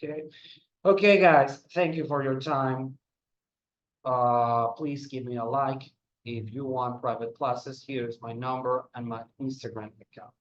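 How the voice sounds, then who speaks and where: Slow-paced man teaching English. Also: medium pitch, steady tone, roomy sound, lo-fi sound. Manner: slow, repeats words for drills. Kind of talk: online language lesson.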